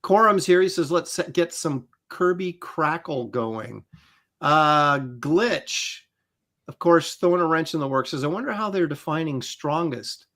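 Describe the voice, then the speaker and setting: A man's voice: on the high side, lively intonation, unhurried, fairly bright tone. A man in his sixties hosting a livestream, reading out chat names with wry asides. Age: 60s. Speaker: host.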